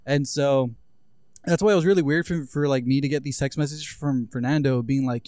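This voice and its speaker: A man's voice: medium pitch, fairly even intonation, fairly quick, warm tone, no room sound. A young man hosting a podcast, telling a casual story in loose, profane talk full of "like". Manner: loose, profane, heavy use of filler "like". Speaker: podcast host.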